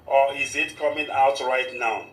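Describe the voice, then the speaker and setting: A man's voice: mid-range voice, steady tone, unhurried. Man, radio host, formal and repetitive, echoey room. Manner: formal, repeats "of course" often. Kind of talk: live radio talk with prayer.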